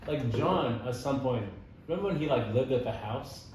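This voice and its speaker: A young man telling stories in casual conversation, animated and laughing as he goes, with many fillers like "like" and "dude.". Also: mid-range voice, moderate pace, slight background noise. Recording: echoey room, voice from some distance.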